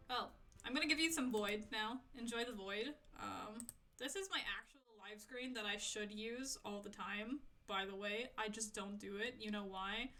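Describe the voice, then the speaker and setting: Sharp in tone and fairly high-pitched, a young woman chats through a casual gaming stream. She fiddles with her settings, giggles, talks to herself, and rambles on to her chat.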